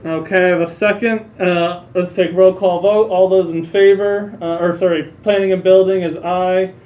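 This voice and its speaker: A man's voice: high-pitched, moderate pace. A man chairing a public commission meeting, calling motions and votes in a procedural way. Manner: procedural, even. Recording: echoey phone-like line.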